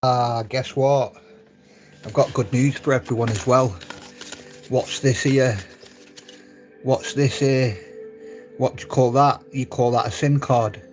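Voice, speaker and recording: A man's voice: medium pitch, fairly even intonation, slow, pauses often, soft background music. A man live-streaming from his phone at home, chatting casually and laughing with viewers as he reads their comments. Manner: chatty and laughing, talks straight to viewers in the chat.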